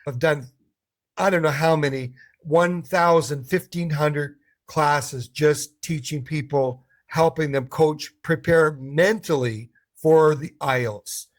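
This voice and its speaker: A middle-aged man coaching English learners in a casual talk to camera. His voice sits a little high for a man, and he tells stories with energy, acting out the people in them. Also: takes it slowly. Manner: animated storyteller who acts out voices.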